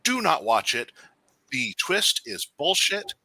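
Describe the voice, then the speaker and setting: A blunt man gives his opinions emphatically in casual podcast talk. His voice is very bright and edged with a husky grain, and his pitch swings freely. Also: very animated, slow. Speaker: podcast co-host.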